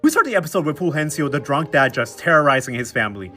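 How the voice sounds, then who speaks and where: A man's voice: a little high, fast talker, soft background music. Slangy, sarcastic young man recapping a show. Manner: slangy, sarcastic, animated storytelling with mocking quoted voices. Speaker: recap commentator. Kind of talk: comedic episode recap.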